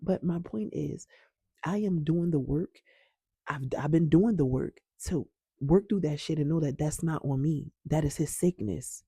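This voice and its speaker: A woman's voice: deep voice, unhurried, dark tone, slightly rough, no room sound, studio quality. A woman vlogging about healing and personal growth, speaking candidly and emphatically to her viewers and swearing freely. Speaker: wellness vlogger. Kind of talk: casual talk to camera.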